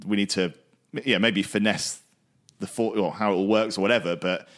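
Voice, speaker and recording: Rambling, hesitant man with a lowish voice. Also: fairly even intonation, moderate pace, a bit bright. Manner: rambling, hesitant, repeats words, laughs along. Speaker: podcast co-host. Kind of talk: casual cricket podcast chat.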